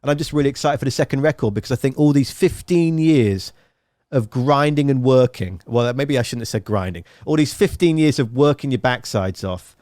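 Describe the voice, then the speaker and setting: A man's voice: medium pitch, fairly quick, no room sound. A man hosting a podcast and spinning long, winding stories with plenty of animation. His voice sits in a middle range. It is recorded dry and close, with no room sound. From England. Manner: rambling, animated storyteller. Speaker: podcast host. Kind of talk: casual interview chat.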